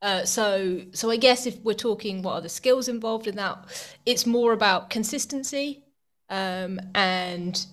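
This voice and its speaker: Woman, podcast guest, lively, conversational, laughs often, mid pitch. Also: unhurried. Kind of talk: casual interview.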